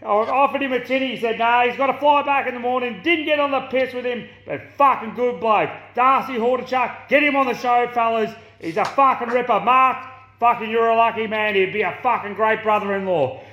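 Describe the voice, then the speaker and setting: A rowdy, beer-soaked Australian bloke, as a man puts him on, swearing his way through a boisterous yarn. The voice sits very high with an Australian accent, and the clip sounds roomy and echoey. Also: fairly quick, sharp tone. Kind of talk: recorded comedy character bit.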